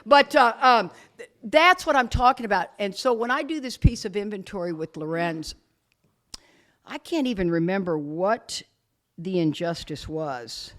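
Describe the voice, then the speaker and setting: A woman speaking to a live audience as a guest speaker, telling her story with blunt, self-mocking humor, laughing often and loudly acting out what people said. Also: mid-range voice. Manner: animated, laughs often, acts out quotes loudly. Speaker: guest speaker at a recovery retreat.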